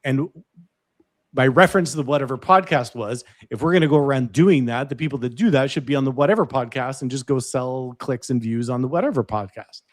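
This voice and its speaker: Measured man talking on a panel. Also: mid-range voice. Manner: measured, hedging, with frequent restarts. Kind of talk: panel discussion.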